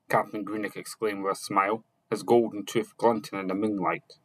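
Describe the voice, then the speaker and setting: A man narrating chapters of a fantasy novel, reading slowly and haltingly, sometimes correcting himself and only lightly voicing the characters. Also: fairly low pitch, level tone, no echo, poor audio. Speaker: audiobook narrator.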